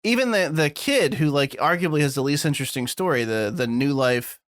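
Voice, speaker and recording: A man with a somewhat high voice talks in a loose, rambling podcast chat, dropping the odd swear word. The sound is dry and close, with no room around it. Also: fairly quick, dry recording. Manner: rambling, animated, swears casually. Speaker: podcast co-host. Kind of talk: casual chat.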